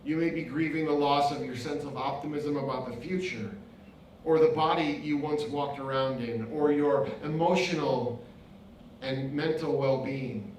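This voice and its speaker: A man's voice: on the high side, moderate pace, darkish tone, a little hiss or hum. A man, a pastor and author, giving an impassioned inspirational speech with rhythmic repetition. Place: event venue. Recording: very echoey hall, mic far off.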